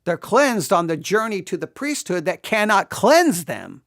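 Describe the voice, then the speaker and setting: A Bible teacher giving an exegetical study, talking in an animated way, acting out quoted lines and often restarting sentences. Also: medium pitch, measured pace. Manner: animated, acts out quoted speech, frequent restarts.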